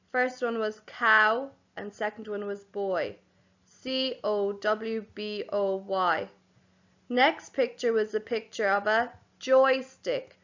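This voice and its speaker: A young woman teaching young children, speaking slowly and clearly, spelling words out letter by letter and calling them boys and girls. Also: medium pitch, a bit bright, highs cut off. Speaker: primary school teacher. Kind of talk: home learning lesson for young children.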